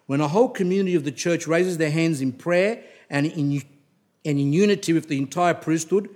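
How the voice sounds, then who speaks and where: Brisk and fairly high-pitched yet darkish in tone, a middle-aged man's voice carries a wandering religious talk full of stories. He often starts his sentences over and becomes blunt and emphatic when he scolds listeners.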